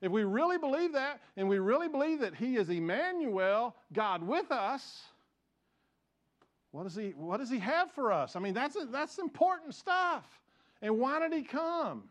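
A high-pitched man preaching a sermon. He hammers home key phrases, asks the congregation to say lines with him, and slips into casual asides with restarts along the way. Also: very animated, moderate pace. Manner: frequent restarts and fillers, conversational asides. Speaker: pastor.

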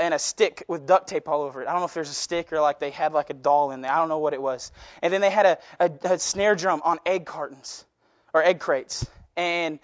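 A man's voice: fairly high pitch, no room sound, highs cut off. A young man preaching to a youth group as their minister, impassioned and rambling, with self-deprecating asides. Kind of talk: youth sermon.

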